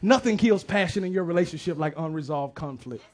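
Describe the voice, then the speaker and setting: A male pastor, preaching a lively, joking sermon to his congregation with shouted bursts. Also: a little high, fairly quick. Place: church sanctuary.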